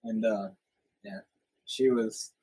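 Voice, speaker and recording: A man's voice: fairly low pitch, big pitch swings, slow pace, gravelly, warm tone, breathy edge, rough recording. A young man hosting a podcast, telling rambling, profanity-laced stories from his youth in casual chat. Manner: swears a lot, rambling anecdotes. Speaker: podcast host.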